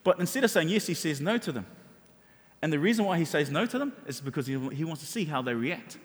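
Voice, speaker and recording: High-voiced man preaching in a reverberant hall. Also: quick pace. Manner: animated, conversational preaching with many restarts. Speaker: pastor. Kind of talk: sermon.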